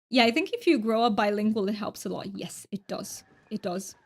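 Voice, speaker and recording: A woman's voice: fairly high pitch, expressive, normal speed. A woman whose first languages are Romanian and Hungarian, chatting casually on a game stream and answering chat aloud.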